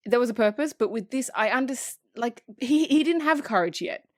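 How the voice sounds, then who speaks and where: Profane, animated woman recapping a film. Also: fairly high pitch, moderate pace, no room sound, studio quality. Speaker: podcast co-host. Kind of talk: casual movie recap chat.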